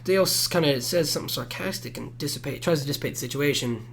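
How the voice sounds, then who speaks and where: A man hosting a podcast, telling a story in casual chat, animated and profane, acting out shouted quotes into a desk mic. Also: fairly high pitch, fast, vocal fry. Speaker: podcast host.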